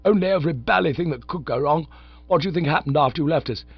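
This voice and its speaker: A man reading an audiobook, voicing a flustered, excitable young gentleman who talks in an agitated rush, higher and louder than the narration. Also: fast talker, breathy edge, dry recording, muffled recording. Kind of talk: audiobook character voice.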